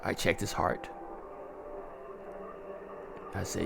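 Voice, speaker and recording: Gravelly, gleeful slow horror narrator. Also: male voice, on the low side, expressive, over loud music. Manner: gleeful, chuckling, slow and drawn out. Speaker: storyteller. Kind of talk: first-person horror story narration.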